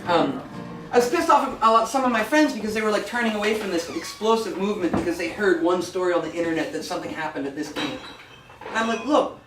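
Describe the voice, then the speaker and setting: A man's voice: sits high, fast talker. Roomy, far-off American man telling stories on stage. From United States. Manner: casual, profane, animated storyteller. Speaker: folk singer-songwriter. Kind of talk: storytelling between songs at a live show. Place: small music venue. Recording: roomy, distant live recording with music.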